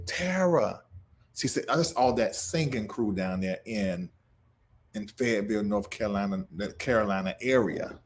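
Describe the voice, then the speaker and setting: A man hosting a livestream, talking emotionally and preacher-like to viewers, laughing through grief and reading out their comments. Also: on the low side. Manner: reads viewer comments aloud and greets them. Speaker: livestream show host.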